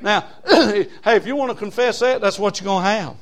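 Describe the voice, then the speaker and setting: A man preaching a sermon as pastor, folksy, swinging from loud emphasis to low asides. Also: normal speed.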